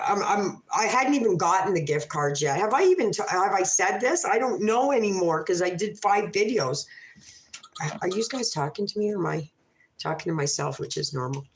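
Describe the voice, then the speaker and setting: A woman hosting a loose, heartfelt livestream at a mid-range pitch. She rambles, trips over her own sentences and swears casually. Her voice rings off the walls of a reverberant room. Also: fairly bright tone. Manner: rambling, self-interrupting, swears freely. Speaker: livestream host. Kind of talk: emotional casual livestream storytelling. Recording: echoey room.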